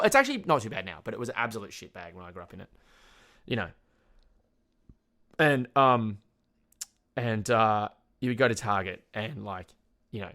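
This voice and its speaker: A man's voice: on the low side, a bit bright. Rambling, swearing Australian guy. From Tasmania, Australia. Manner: rambling, swears a lot, laughs at himself. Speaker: podcast host. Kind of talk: casual solo rant.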